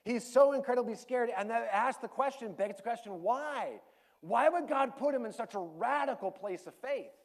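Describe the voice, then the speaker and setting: A man pastor preaching a sermon, telling a personal story candidly and emotionally, dropping to a hush and then rising animatedly. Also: very high-pitched, animated, moderate pace.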